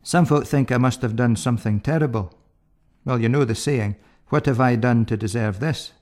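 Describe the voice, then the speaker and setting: A man putting on a fussy, nervous paralyzed man who grumbles at his carriers. He speaks a bit higher and louder than his own voice, jokey and put-upon. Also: normal speed, natural voice. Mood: grumbling. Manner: complaining, jokey.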